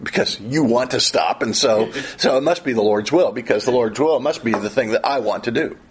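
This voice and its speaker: A middle-aged man preaching a sermon in an animated way, often repeating and restarting his phrases. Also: medium pitch, moderate pace, slight background noise.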